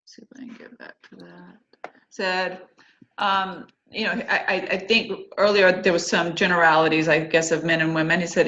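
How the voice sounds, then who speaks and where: Woman in her fifties, group-chat host, chatty and opinionated, recorded on a call mic in a roomy space with a dull, lo-fi sound. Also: deep voice. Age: 50s. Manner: chatty, animated when quoting and opinionated. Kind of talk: casual online group chat.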